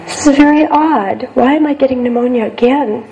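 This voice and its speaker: An older woman psychologist lectures a group in a slightly high yet mellow, warm voice. She talks earnestly and repeats words for emphasis. A faint hiss sits under the recording. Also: fairly quick, lo-fi sound. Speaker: psychologist giving a talk.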